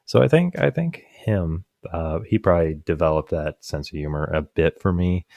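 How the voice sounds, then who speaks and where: In a clean studio recording with no echo, a young podcast co-host chats casually in a deep, darkish voice with vocal fry, at normal speed. He tells rambling stories full of fillers and restarts, often laughing at his own punchlines.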